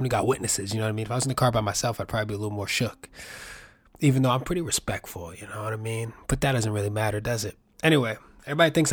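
A man's voice: medium pitch, no echo. A man, from the Bronx, telling a rambling, profane story full of tangents as a podcast host. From New York City, the Bronx. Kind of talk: casual monologue.

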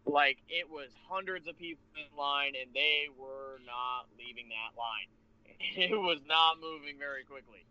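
A man casually telling a rambling, animated convention story with laughs and restarts. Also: fairly high pitch, unhurried. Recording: lo-fi muffled recording.

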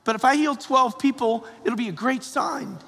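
Priest giving a homily, really high voice, chatty then punchy, long church echo. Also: male voice, moderate pace, vocal fry, fairly bright tone. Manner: conversational, repetitive, rising to emphatic calls. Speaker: parish priest. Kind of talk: sermon.

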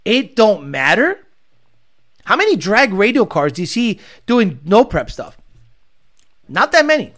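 Profane, mocking male streamer, lively pitch. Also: moderate pace. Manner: profane, mocking, rambling storyteller. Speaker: livestream host reading chat. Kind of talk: casual profane livestream rant.

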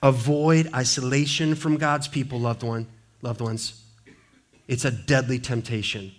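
A man preaching a sermon as pastor in a church, lively and conversational, dropping playful quoted asides. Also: medium pitch, unhurried. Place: church sanctuary.

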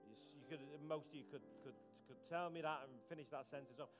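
A man's voice: a little high, quick pace, music in the background. A man preaching a conversational, earnest sermon as pastor, often repeating words.

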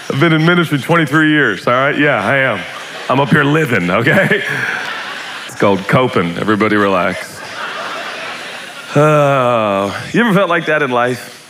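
A man preaching a lively sermon in a church, joking, shouting and acting out voices as he talks. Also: medium pitch, moderate pace, pauses often, a little hiss or hum. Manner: animated, joking, shouts and acts out quotes. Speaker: pastor. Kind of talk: lively sermon to a live congregation. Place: church hall.

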